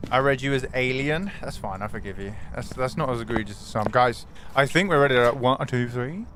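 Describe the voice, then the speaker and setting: A man's voice: mid-range voice, fairly quick, a bit bright, soft background music. A man streaming a game live, commenting animatedly, swearing and greeting his chat.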